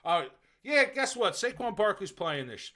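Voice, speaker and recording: A man with a high, bright voice that leaps all over the place as he rants in casual sports chat on a podcast. He is loud and profane, and he pushes each point hard. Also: big pitch swings, unhurried. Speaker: podcast co-host.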